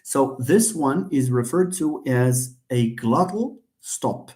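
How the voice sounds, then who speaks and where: A Moroccan university lecturer teaches phonetics in a live online class, demonstrating sounds, joking with students, and switching between English and Moroccan Arabic. His mid-range voice is expressive, slow, and a little mellow, in an echoey room.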